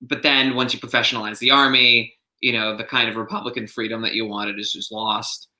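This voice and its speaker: A man's voice: lowish voice, flat delivery, brisk, bright, forceful tone. A man co-hosting a casual podcast discussion, thinking aloud with lots of fillers. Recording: roomy echo.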